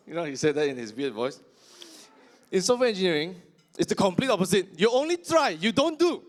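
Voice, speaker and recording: A man's voice: high-pitched, sing-song, fairly quick. A man performing a stand-up comedy set with punchy, exaggerated delivery.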